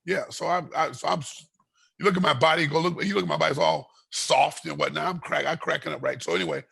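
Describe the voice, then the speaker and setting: A gravelly, very raspy man tells a fight story as an interview guest. He acts out the other people in his tale and often repeats and restarts his words. His voice sits a little high for a man. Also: fairly even intonation, fast talker, a bit bright.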